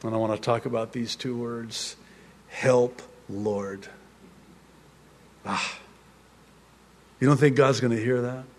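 A man preaching on a psalm, with humorous asides, laughing mid-sentence and telling stories in a lively way. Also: mid-range voice, moderate pace, pauses often, long reverb tail. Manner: lively storytelling. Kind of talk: sermon on a psalm.

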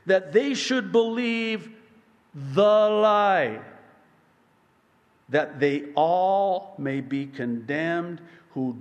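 A high-pitched man preaching slowly and deliberately, rising to yells and then dropping to hushed tones. His sermon rings out with a long reverb across a large church sanctuary. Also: animated, faint music behind. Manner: emphatic, swinging between yelling and hushed. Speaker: pastor.

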